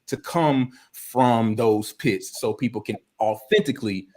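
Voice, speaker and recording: A man guest in an interview, telling stories in a relaxed, informal way with casual grammar. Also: medium pitch, unhurried. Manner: relaxed storyteller, many restarts and fillers, informal grammar. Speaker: guest, video producer.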